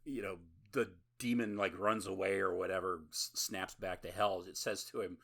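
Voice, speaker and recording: A man's voice: fairly low pitch, expressive, moderate pace, creaky, a bit bright, husky. A man co-hosting a podcast, recapping a horror movie in casual, rambling, profane chat and laughing often. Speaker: podcast co-host.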